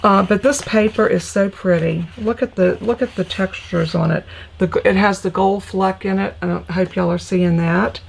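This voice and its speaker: A woman's voice: medium pitch, steady tone, normal speed, vocal fry, a little hiss or hum, rough recording. A woman hosting a live crafting tutorial, chatty and gushing, greeting viewers as she shows her supplies. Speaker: crafting host.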